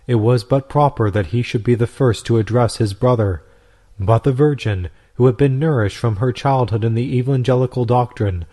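A man narrating an old devotional story in a measured, solemn reading. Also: mid-range voice, mellow. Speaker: audiobook reader. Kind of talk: scripted narration.

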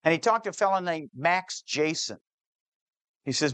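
A man telling a true-to-life story to an audience, slowing down on key details and voicing the people in it. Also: fairly high pitch, expressive, fairly bright tone, clear, resonant tone, no room sound. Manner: shifts pace, slows on key details, plays the people in the story. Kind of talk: dramatic spoken storytelling.

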